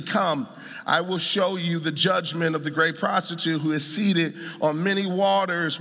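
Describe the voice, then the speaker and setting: Male pastor, high tense voice, preaching with a sung cadence in a reverberant sanctuary. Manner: emphatic preaching that swells into shouts and a sung cadence. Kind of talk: sermon. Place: church sanctuary. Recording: long church hall reverb.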